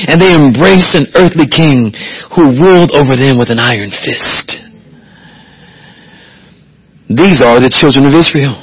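Husky-voiced preaching pastor, emphatic. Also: male voice, medium pitch, a little slow, rough recording. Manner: preaching with rising emphatic swells. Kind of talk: expository sermon.

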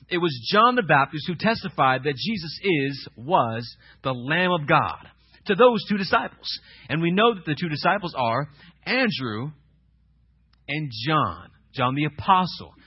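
Preacher, male; husky, lively delivery with sharp drops to a hush; dull lo-fi church recording. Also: on the high side. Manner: dramatic preaching, swings between loud emphatic questions and hushed reading. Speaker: pastor. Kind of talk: sermon.

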